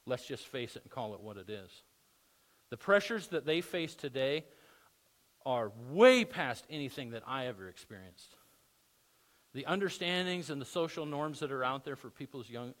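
A man's voice: medium pitch, lively intonation, normal speed, fairly bright tone. A man preaching a sermon as pastor, conversational with emphatic bursts.

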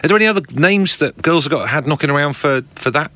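Bright, lively-voiced man co-hosting. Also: on the high side, fast, no echo. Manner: cheeky, teasing banter. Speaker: podcast co-host. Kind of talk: casual chat.

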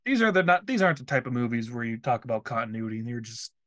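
A man's voice: mid-range voice, sing-song, quick pace, a bit bright, no room sound, clean studio sound. An American man co-hosting a casual movie review podcast, joking and rambling with restarts. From United States. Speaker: podcast co-host.

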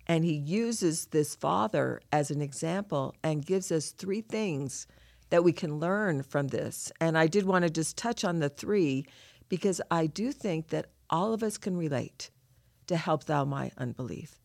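Low-pitched and gravelly, this woman's voice guides a reflective scripture discussion as a podcast co-host, handling the passage in an earnest, heartfelt way. The studio sound is clean, with no echo.

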